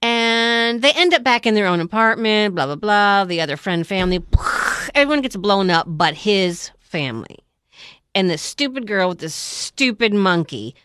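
A woman casually recapping a movie plot in an animated way, acting out scenes with sound effects and quoted voices. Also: mid-range voice, dry recording, studio quality. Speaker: podcast co-host recapping a movie. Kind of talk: casual chat.

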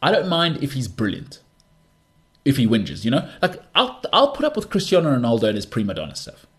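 This podcast host rants solo about sports, sounding exasperated and emphatic and repeating words to drive points home. He speaks briskly in a mid-range voice with huge pitch swings.

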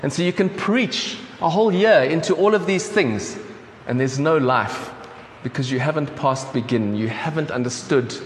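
A man's voice: on the high side, normal speed, few pauses. A man from South Africa with a South African accent, preaching a sermon in a casual, conversational way with many ums and restarts. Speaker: pastor. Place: church hall. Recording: echoey church hall with faint room noise.

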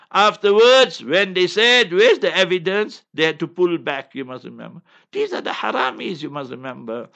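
A man, an Islamic scholar answering listener questions on a call-in show in an impassioned, forceful way. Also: high-pitched, creaky, lo-fi sound. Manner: impassioned, forceful, repeats "you must remember".

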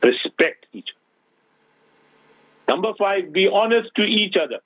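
A man's voice: high-pitched, very animated, slow pace, breathy edge, dry recording. A male radio host giving religious advice to callers and listeners, preaching with rhetorical questions. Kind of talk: radio Islamic advice talk. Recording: tinny phone-line sound, dry.

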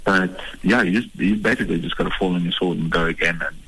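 Low gravelly man, relaxed. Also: fast talker, noisy background. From Eastern Cape, South Africa. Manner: relaxed, hesitant, self-deprecating. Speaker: stand-up comedian guest. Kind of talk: radio interview. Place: radio studio.

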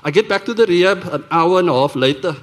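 A man with a South African accent, a worship leader telling his testimony in a church sermon, earnest and animated, often restarting his sentences. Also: high-pitched, fast. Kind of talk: sermon testimony told as a story. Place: church service.

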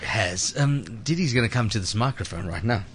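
A man's voice: on the low side, expressive, fairly quick, fairly bright tone, a little hiss or hum. A man hosting a radio show from the studio, teasing and theatrical in a casual chat. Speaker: radio host.

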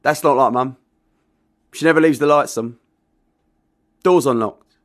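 A man's voice: mid-range voice, a little slow, pitched above the performer's own voice, close to an everyday voice. A man performing a narrative poem, voicing a distraught, raging young man. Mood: anxious.

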